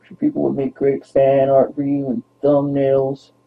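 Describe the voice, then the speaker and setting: A young man chats playfully and ramblingly to his dog, slipping into baby talk. His voice is husky and mid-pitched. The audio is thin and tinny, like a phone call. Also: monotone, unhurried. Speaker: vlogger.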